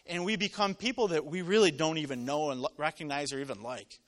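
A man preaching a sermon to a live congregation, telling stories and acting out voices, swinging from loud to quiet. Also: a little high, fast talker. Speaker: pastor. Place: church with live audience.

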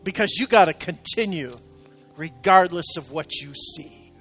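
A man preaching an emotional sermon to his congregation, urging them on and rising to shouted exhortation. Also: a little high, a little slow, soft background music. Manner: calls out to congregation, repeats "come on". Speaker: pastor. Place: church sanctuary, live service.

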